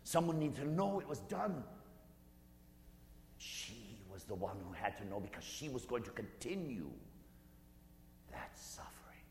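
Male preacher, meditative sermon, swells loud then drops to whispers; roomy echoey hall. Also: medium pitch, very animated, a little slow, gravelly, pauses often. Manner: vivid, swelling to intensity, dropping to hushed whispers. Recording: echoey hall with faint hum.

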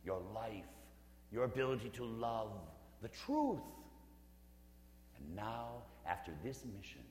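Man in his 50s, catholic priest telling stories in church, jokey, goes hushed sometimes, big echo, faint hum. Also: medium pitch, big pitch swings, slow pace. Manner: conversational and humorous, dropping to a hush for emphasis. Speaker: Catholic priest leading a parish mission. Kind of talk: storytelling sermon. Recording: roomy church with long reverb.

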